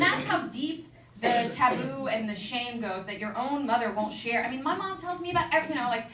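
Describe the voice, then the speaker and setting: A young woman telling a personal story at an event, candid and self-deprecating with quick asides. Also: a little high, animated, a crowd in the background. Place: event venue with an audience. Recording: echoey room, mic from a distance.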